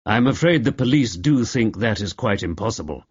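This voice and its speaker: Man doing a quiet, polite man. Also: lowish voice, expressive, normal speed, slightly rough, muffled recording.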